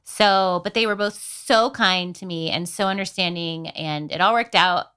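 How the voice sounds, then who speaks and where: A woman's voice: lowish voice, moderate pace, sharp tone, clear, resonant tone. A woman co-hosting a podcast in casual chat, upbeat and teasing, egging her partner on. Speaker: podcast co-host.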